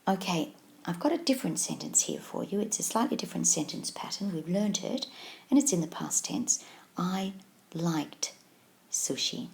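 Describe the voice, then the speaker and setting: Woman, tutorial teacher, a touch low and gravelly, patient and encouraging. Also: lively intonation, darkish tone. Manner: patient, encouraging, slow and clear explanations. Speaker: Japanese language teacher. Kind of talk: scripted video tutorial lesson.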